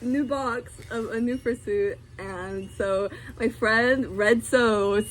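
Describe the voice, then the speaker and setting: A woman's voice: a little high, unhurried, a little hiss or hum. A young woman vlogging casually, giggling and gushing with many fillers as she unboxes something.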